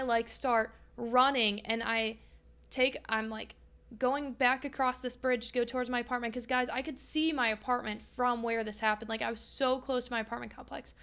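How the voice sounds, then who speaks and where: A young woman hosts a solo podcast and tells a personal story in a raw, unfiltered way, swearing freely and acting out what people said back then. Her voice sits a little high and sounds smooth and clear. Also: bright, forceful tone. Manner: candid and profane, reenacting her own past dialogue. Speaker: podcast host.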